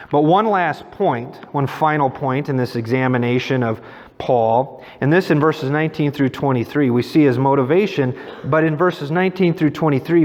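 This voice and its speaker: A middle-aged man preaching a sermon in a conversational way, mixing scripture with personal stories. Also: mid-range voice. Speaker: pastor. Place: church sanctuary. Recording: dull sound with long church reverb.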